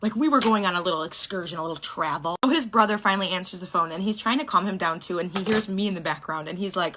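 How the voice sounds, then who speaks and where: A woman's voice: fairly low pitch, fast talker, few pauses, a bit bright, slight background noise. A young woman telling a story casually and bluntly, with frequent swearing and lots of filler words. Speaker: storytime vlogger.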